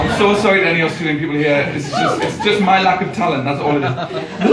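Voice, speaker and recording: Brief: young Geordie man, stand-up comic, rambling and self-mocking, high lively voice, heard from afar in an echoey club. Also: fairly quick, hardly any pauses, recorded from a distance, a loud crowd, heavy background noise. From Newcastle, England. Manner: rambling, self-deprecating, laughing at himself. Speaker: stand-up comedian. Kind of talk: stand-up comedy set. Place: comedy club stage, first gig.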